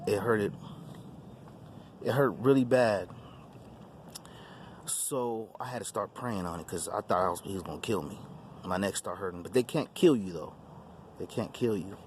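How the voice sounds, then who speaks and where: On his own channel, a man with a low voice recounts a testimony from his life, repeating himself emphatically and starting phrases over. There is a little hiss or hum in the recording.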